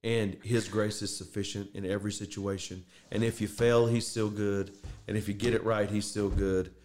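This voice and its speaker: Brief: middle-aged male podcast host, low voice, earnest, choked up at times. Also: level tone, moderate pace, a little mellow. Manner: earnest, emotional storytelling. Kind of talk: casual faith talk.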